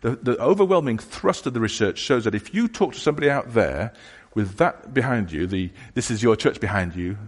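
A man preaching a sermon in a church hall. He talks in a conversational, halting way, restarting phrases and voicing imagined questions from passers-by. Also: mid-range voice, lively intonation. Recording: long hall reverb.

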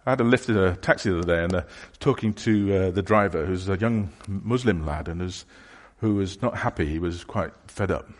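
A deep-voiced man preaches a sermon in a church hall, with long reverb in the recording. His delivery is conversational and halting as he restarts phrases and voices imagined questions from passers-by.

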